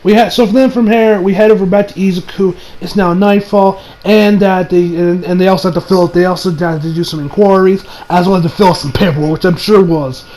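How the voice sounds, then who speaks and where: A young man with a high, light voice recaps an anime episode in loose, rambling chat. He gets excitable, swears freely and fills his talk with "you know". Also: brisk, few pauses, rough recording. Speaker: anime reviewer.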